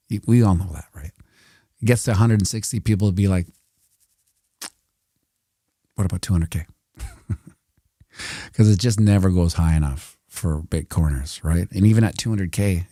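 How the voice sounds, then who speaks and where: A man's voice: deep voice, dark tone, no echo, studio quality. A man giving casual, rambling commentary over a price chart, joking and talking to himself as he works the screen. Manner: rambling, talks to himself while working a chart; joking asides and mild swearing. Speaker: video host.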